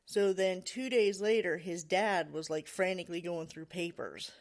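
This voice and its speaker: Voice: medium pitch, normal speed. Chatty podcast host retelling a story. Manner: loose retelling full of "you know" and "like"; laughs now and then while telling. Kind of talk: casual storytelling.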